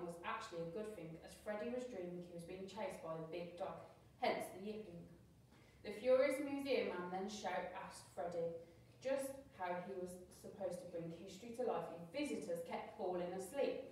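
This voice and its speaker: A woman's voice: medium pitch, moderate pace, a little hiss or hum. A woman teacher reading a children's storybook aloud expressively, with the odd slip she corrects as she goes. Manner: expressive reading with small slips and self-corrections. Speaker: primary school teacher. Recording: very echoey room, voice from far off.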